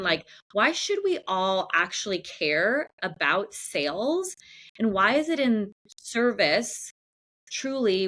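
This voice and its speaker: A woman's voice: mid-range voice, a bit bright. A woman hosting an interview show, asking enthusiastic, rambling questions full of fillers. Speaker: podcast host. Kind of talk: casual interview talk.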